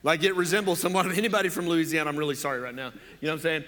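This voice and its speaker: Bright-voiced pastor in a reverberant hall. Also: male voice, on the high side, steady tone, rapid-fire, few pauses. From Oklahoma. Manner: chatty, joking preacher with fillers. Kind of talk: sermon. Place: church.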